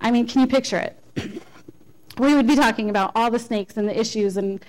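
A woman's voice: on the high side, fairly quick, rough recording. A woman giving an informal sermon as a lay speaker, conversational and self-deprecating, with frequent restarts.

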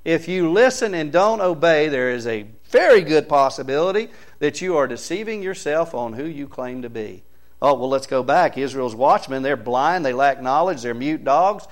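A man preaching a sermon, his voice pitched a little high for a man. He reads scripture aloud and drives his points home with rising, emphatic bursts. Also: lively intonation, moderate pace.

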